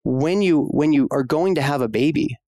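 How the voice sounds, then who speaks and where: A man's voice: on the high side, normal speed, dark tone, dry recording. A man speaking as a guest on a conversational podcast, talking passionately and frankly, casual with fillers and the odd swear word. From United States. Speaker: podcast guest, obstetrician-gynecologist.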